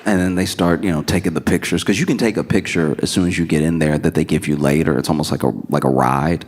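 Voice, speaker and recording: A male stand-up comedian telling a story in an animated way, laughing as he acts out scenes. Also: extremely low pitch, fast talker.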